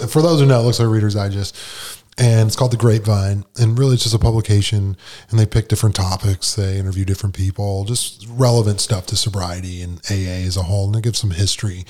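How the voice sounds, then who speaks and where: A man with a lowish voice tells his story candidly and with animation. He acts out the back-and-forth of conversations as he goes, in a casual podcast chat. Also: a little mellow. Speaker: podcast guest.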